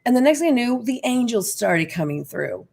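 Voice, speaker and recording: Woman guest, fairly high voice, excitable, emphatic storyteller, addresses listeners directly. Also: moderate pace, creaky. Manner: excitable, emphatic, talks straight to the audience. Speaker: guest, Ouija board expert. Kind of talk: animated storytelling in an interview.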